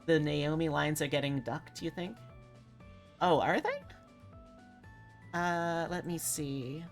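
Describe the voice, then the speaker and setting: A woman's voice: sits low, slow pace, soft background music. A woman VTuber reading visual novel narration aloud on a live stream, breaking off to comment.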